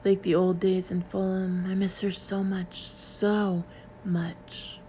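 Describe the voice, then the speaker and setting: A woman's voice: flat delivery, slow, warm tone, highs cut off, a little hiss or hum. A woman reading a first-person novel aloud, lifting her voice for the dialogue. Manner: voices dialogue with lifts in pitch and volume. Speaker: audiobook reader.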